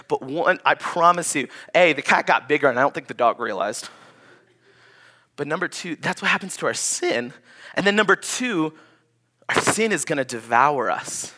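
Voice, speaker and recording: A young adult man, a pastor, preaching a sermon in a conversational, animated storytelling way. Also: a little high.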